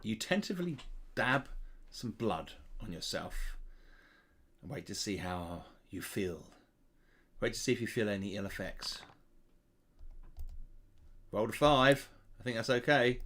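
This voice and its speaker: A man reads a gamebook aloud, his pitch rising and falling expressively. He breaks off now and then for casual asides to his viewers, sounding relaxed and chatty. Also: unhurried, pauses often. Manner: lively reading with casual asides to chat. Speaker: gamebook player and channel host. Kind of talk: reading aloud and commenting on a gamebook.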